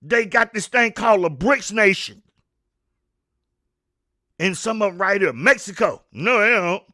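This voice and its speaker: A fiery man delivers an opinion rant. His voice sits very high and sounds bright and sharp. He stammers, repeats himself and preaches at the listener. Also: lively intonation, a little slow. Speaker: host of a commentary show.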